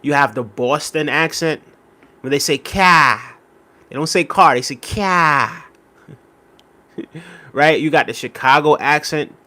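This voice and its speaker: A man's voice: a little high, fairly even intonation, moderate pace, sharp tone. A young man hosting a live stream, chatting casually and rambling as he reads and answers viewer comments. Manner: rambling and conversational, many fillers, reacting to chat. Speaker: livestream host.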